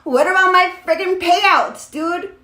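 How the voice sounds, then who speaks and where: Rambling young woman with a bright, sharp voice. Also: very high voice, a little slow. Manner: rambling, filler-heavy, swears often. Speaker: streamer. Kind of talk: casual live-stream chat. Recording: echoey room.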